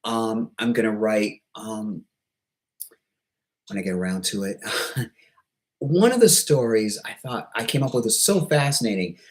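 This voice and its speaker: A man talking in a casual vlog monologue, hesitant and halting, with many pauses, restarts and self-deprecating asides. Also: on the low side, animated, rough recording. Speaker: YouTuber.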